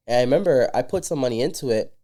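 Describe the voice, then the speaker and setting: A man's voice: mid-range voice, very fast. A man guesting on a podcast, telling his story in casual chat and acting out the dialogue. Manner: animated storyteller who acts out dialogue. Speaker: entrepreneur guest.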